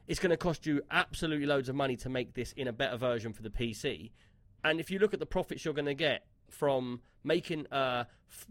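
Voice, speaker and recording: A man's voice: a little high, dry recording. A man co-hosting a casual gaming podcast, chatty and given to telling stories and reading out chat comments. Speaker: podcast co-host.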